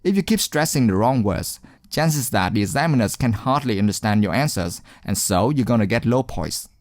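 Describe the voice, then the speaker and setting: A male teacher narrates a speaking lesson with an animated, rising and falling voice. He sounds encouraging and deliberate and leans on key words. His voice is close and dry, with no room around it. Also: medium pitch, no room sound. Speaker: English exam teacher. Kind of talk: scripted instructional narration.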